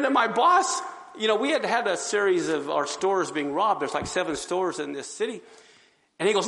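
A high-pitched man with a gravelly edge tells his testimony in a sermon style. He is an animated storyteller who acts out each scene, and his voice carries a long hall reverb. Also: a little fast, a little hiss or hum. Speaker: speaker giving his testimony.

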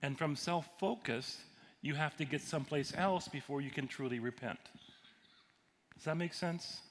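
A man's voice: on the high side, moderate pace. A man who is a pastor and counselor, teaching a sermon in a conversational way and asking his audience questions. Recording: long hall reverb, faint noise.

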